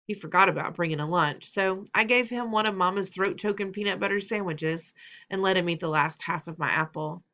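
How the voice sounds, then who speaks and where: A woman's voice: fairly low pitch, fairly quick, bright, forceful tone. Woman reading a children's novel aloud. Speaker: audiobook narrator.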